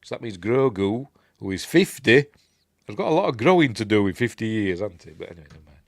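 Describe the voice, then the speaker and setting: A man with a Yorkshire accent hosts a casual film review at home, commenting over the movie and chatting ramblingly with tag questions and asides. His fairly low voice has big pitch swings, he talks quickly, and there's no echo.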